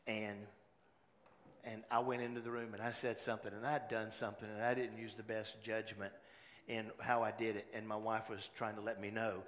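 A man preaching a sermon as pastor, moving between loud exhortation and hushed personal storytelling. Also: fairly low pitch, little pitch movement, normal speed. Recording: long hall reverb, faint room noise.

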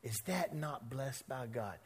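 A pastor with a husky, medium-pitched voice speaks slowly while preaching a sermon in a church sanctuary, with long church hall reverb. He tells a story animatedly, acting out the voices of the people in it.

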